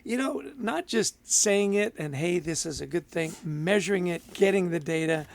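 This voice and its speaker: A man's voice: high-pitched, normal speed, gravelly. A man co-hosting a podcast in casual chat, upbeat and friendly, laughing easily as he bounces ideas off his co-host.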